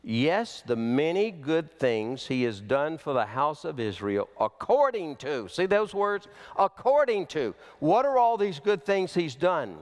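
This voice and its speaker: A man preaching a sermon as pastor, slow and emphatic, with big swings in pitch. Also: sing-song. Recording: long hall reverb.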